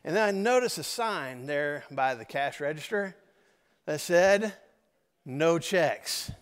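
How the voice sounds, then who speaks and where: A man's voice: a little high, lively intonation, takes it slowly, clear, resonant tone. A man, telling a personal story in a conversational sermon to his congregation, with asides to the audience. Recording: long hall reverb.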